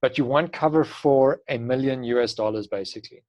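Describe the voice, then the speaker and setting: Man, online class instructor, brisk, practical, advisory, mid-pitched voice. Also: a little mellow, muffled recording. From South Africa.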